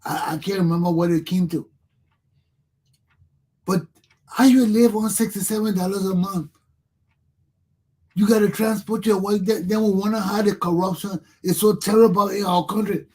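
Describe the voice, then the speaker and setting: A man's voice: high-pitched, steady tone, moderate pace, pauses often, dark tone, breathy edge. A man with a Liberian English accent hosting a talk show, giving impassioned political commentary and repeating himself as he addresses his listeners.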